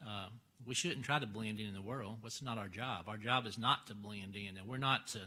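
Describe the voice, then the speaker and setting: A man teaching a church Bible class, folksy and halting, full of fillers and restarts. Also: on the low side, bright, forceful tone. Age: older.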